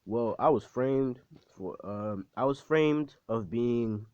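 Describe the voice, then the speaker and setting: A bitter young hero mutters his lines with low, cocky scorn, as a man acts him out while retelling a story. The voice stays close to an everyday man's speech. The recording is muffled and dry. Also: slow pace, dark tone, clean tone, dry recording, lightly acted. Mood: spiteful.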